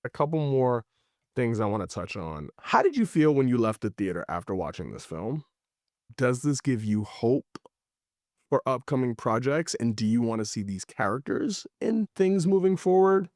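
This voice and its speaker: A man hosts a casual review podcast in a playful, teasing manner. He sets up jokes with a deadpan build. His voice sits mid-range and sounds dry and close to the mic. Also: medium pitch, normal speed, dry recording. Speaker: podcast host.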